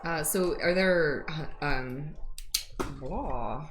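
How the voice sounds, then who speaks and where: A woman's voice: low-pitched, very slow, over music. A woman player in a tabletop game asking hesitant, playful questions. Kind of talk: casual chat.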